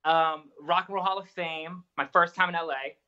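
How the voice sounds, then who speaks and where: A man on a pop culture podcast telling an excited story over a remote link. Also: on the high side, moderate pace, lo-fi sound. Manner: excited, quotes people in dialogue. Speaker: co-host. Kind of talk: casual storytelling.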